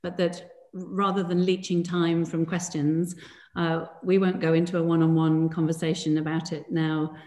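A woman hosts a film talk in a formal, measured voice that is low and flat. Her voice carries some room echo. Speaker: event host. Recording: echoey room.

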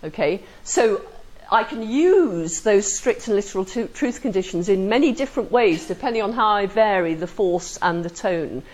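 Lively-voiced woman lecturing a class. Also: medium pitch, normal speed, low-quality recording. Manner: questioning, asks the class for agreement; dry humor, acts out example sentences.

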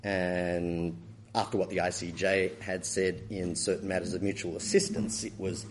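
A man's voice: low-pitched, level tone, moderate pace, a little hiss or hum. A middle-aged man giving a law lecture, with dry wit, often correcting himself and chuckling at his own stories. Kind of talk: academic lecture with anecdotes.

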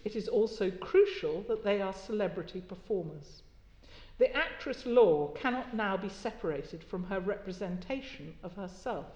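A woman giving an academic keynote lecture, with a wry, conversational delivery and occasional fillers. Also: medium pitch. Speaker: keynote speaker. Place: lecture hall. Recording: echoey lecture hall.

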